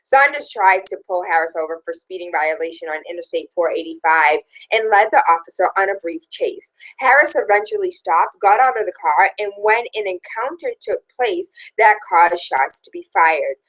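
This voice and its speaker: A woman's voice: fairly low pitch, animated, normal speed, few pauses, fairly bright tone, poor audio. A woman hosting a talk show, reading news items aloud and adding opinionated, sarcastic commentary. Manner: opinionated, sarcastic, reads headlines then riffs. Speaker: radio talk show host.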